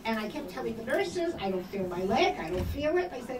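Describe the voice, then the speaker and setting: An older woman telling personal stories to an audience, acting out the dialogue with lively emphasis. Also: on the high side, fairly quick, few pauses. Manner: animated storyteller acting out quoted dialogue. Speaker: guest speaker. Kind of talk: storytelling talk. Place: hall or room at a community event. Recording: echoey room from a distance, background noise.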